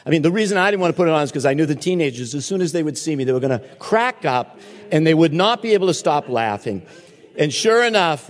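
A man's voice: a little high, in a large hall. A man, a pastor, telling a story and reading scripture in a sermon, acting out the people in his story. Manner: animated storytelling with quoted voices.

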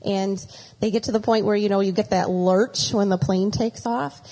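A woman's voice: medium pitch, fairly even intonation, normal speed, dark tone, slight background noise, rough recording. A middle-aged woman giving a chatty storytelling talk with a faith reflection, rambling and slipping into acted quotes.

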